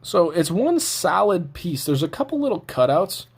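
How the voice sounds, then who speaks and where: A man's voice: high-pitched, sing-song, normal speed, vocal fry, slightly rough. A young man hosting a knife review show, talking casually with sarcastic jokes and rambling asides.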